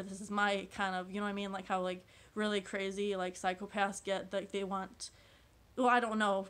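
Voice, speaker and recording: Lady rambling funny stories on her vlog, lots of likes, laughs a bunch, average pitch. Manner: meandering, constant filler "like", laughs often. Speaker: vlogger. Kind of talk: rambling comedic monologue.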